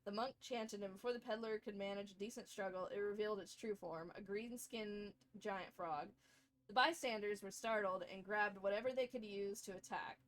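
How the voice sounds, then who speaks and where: A woman's voice: mid-range voice, normal speed, fairly bright tone. A woman streamer at home at her computer, reading game lore aloud and chatting, often stumbling over words and giggling.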